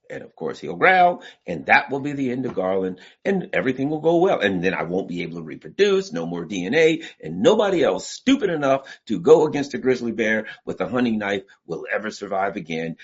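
Husky, blunt man telling animated stories. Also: medium pitch, a little fast, hardly any pauses. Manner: blunt, storytelling, acts out voices. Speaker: political commentator. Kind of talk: animated commentary with comic analogies. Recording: dull lo-fi recording.

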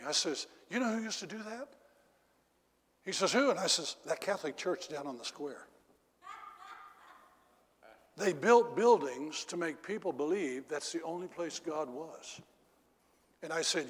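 A middle-aged male preacher telling a story in a sermon, swinging from loud exclamations down to low confiding tones. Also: a little hiss or hum. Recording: echoey hall reverb.

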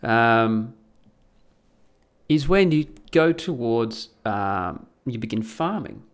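A man's voice: medium pitch, lively intonation, takes it slowly, clear, resonant tone. A man ranting casually in a profane, rambling way, with many restarts. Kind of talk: casual rant.

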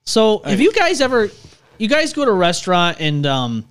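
A man's voice: high voice, moderate pace, clean tone. A man hosting a casual group podcast chat, joking around and swearing freely. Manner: lively, jokey, swears freely. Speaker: podcast host.

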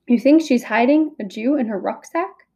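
A woman reading aloud voices a gruff bearded male guard who scoffs at his partner's suspicions. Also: fairly high pitch, normal speed, warm tone, natural voice. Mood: dismissive. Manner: scoffing, dismissive.

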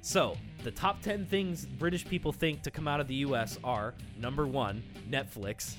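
Laid-back American male podcast co-host, mid pitch, reading news over background guitar music. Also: moderate pace. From United States. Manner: laid-back, reads lists aloud, laughs often. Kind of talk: casual chat reading news items.

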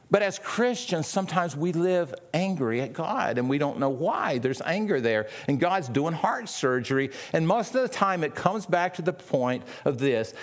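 Middle-aged guy preaching, loose and conversational, lots of rhetorical questions, medium voice. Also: mid-range voice. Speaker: pastor. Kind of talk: sermon.

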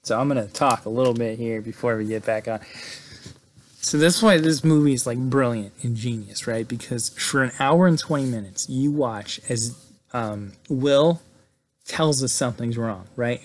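A man giving a casual, excited movie recap, peppering his talk with "like" and "right?". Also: medium pitch, normal speed. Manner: chatty, excited, fills with "like" and "right?". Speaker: movie reviewer.

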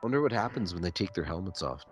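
A man's voice: low voice, big pitch swings, fast talker, over music. A man co-hosting a casual podcast, laid-back and crude as he riffs on a movie. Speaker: podcast co-host riffing on a movie. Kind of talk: casual joking chat.

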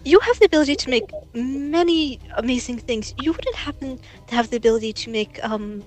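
A woman plays her character in a tabletop game, speaking in a polite, formal manner. Her voice is on the high side. Background music plays softly. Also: normal speed, low-quality recording. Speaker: player.

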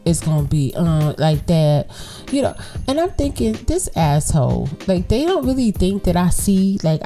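A woman hosting a casual solo podcast, telling a story bluntly and with plenty of cursing, speaking straight to her listeners. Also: mid-range voice. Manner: blunt, profane, animated storytelling; talks straight to listeners as y'all. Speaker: podcast host.

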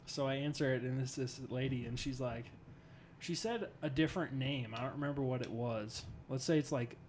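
A young man casually telling a funny story among friends, getting loud and high when he gets excited. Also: fairly quick, slight background noise.

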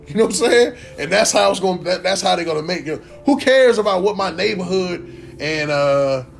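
A young man rants casually to his viewers, profane and rambling, swinging between mutters and loud bursts. His voice sits a little high for a man. Faint music plays behind him. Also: lively intonation, brisk, gravelly. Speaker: vlogger. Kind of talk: casual rant to camera.

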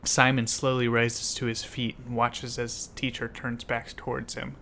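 A man's voice: medium pitch, completely flat delivery, moderate pace, sharp tone, slight background noise. A man giving scripted, vivid dramatic narration as a storyteller.

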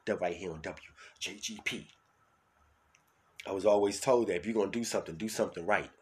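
A man with a New York accent hosting his own solo podcast, talking loud and hyped, then dropping to a mutter. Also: low voice, a little fast. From New York City. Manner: loud, hyped, swings between shouting and mumbling. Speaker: podcast host.

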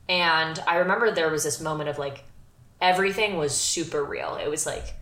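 A woman's voice: sits low, normal speed, sharp tone. A young woman co-hosting a podcast, telling a personal story in a candid, chatty way with plenty of "like". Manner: candid, chatty, filler-heavy. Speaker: podcast co-host. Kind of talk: casual storytelling chat. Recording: roomy echo.

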